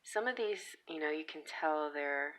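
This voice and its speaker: Woman, low voice, bright tone, casual deck review, giggly asides. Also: lively intonation, normal speed, rough recording. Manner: chatty, giggly, trailing asides. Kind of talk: casual flip-through review.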